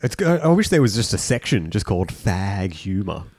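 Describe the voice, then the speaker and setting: A man's voice: fairly low pitch, sing-song, normal speed, a little mellow, dry recording. An Australian man co-hosting a podcast in loose, profane banter. He laughs often and swears freely. The recording is close and dry. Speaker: podcast co-host. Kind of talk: crude casual banter.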